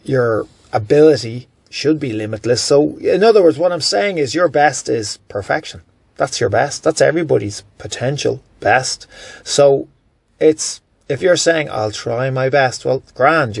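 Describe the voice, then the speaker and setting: A man with a medium-pitched, husky voice and some vocal fry delivers a solo motivational podcast monologue on a dry recording. As host, he is blunt and emphatic and corrects himself as he goes.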